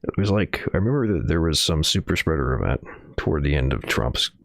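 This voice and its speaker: Very deep, gravelly-voiced streamer. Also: male voice, very animated, fairly quick, dry recording, studio quality. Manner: rambling, sarcastic asides between headlines. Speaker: streamer reading the news. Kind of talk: casual livestream commentary.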